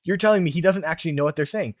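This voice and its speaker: A man's voice: fairly high pitch, very fast, no echo, studio quality. A man in casual review chat, picking apart a TV episode in an incredulous, ranting way. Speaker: podcast co-host.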